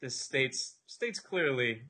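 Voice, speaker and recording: A man's voice: mid-range voice, lively intonation, slow pace, pushed and bright, slightly rough. A man chatting casually as a podcast co-host, laughing as he tells stories. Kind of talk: casual roundtable chat.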